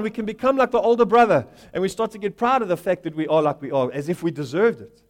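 A man preaching a sermon, building to loud emphatic questions and answers, and acting out the characters of the story he tells. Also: high voice, fast. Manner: rising to loud emphatic call-and-response; acts out Bible characters in quoted voices. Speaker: pastor.

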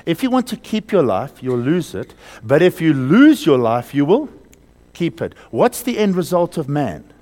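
Male preacher, slightly high, very animated pitch, sermon delivery with loud and hushed swings and call-and-repeat. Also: moderate pace. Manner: asks the congregation questions and has them repeat words.

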